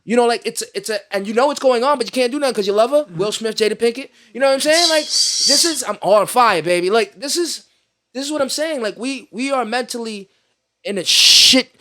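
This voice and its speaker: A man from New York City sits at a podcast mic and rants in loose, profane street talk. His voice sits high for a man, and he jumps from one complaint to the next. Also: a little fast. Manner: animated ranting with profanity and street slang. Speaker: podcast host. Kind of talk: casual podcast chat.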